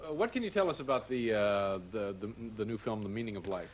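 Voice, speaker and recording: A man hosting a talk show, asking halting, deadpan questions. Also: lowish voice. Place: TV studio. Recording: TV studio audience and hiss.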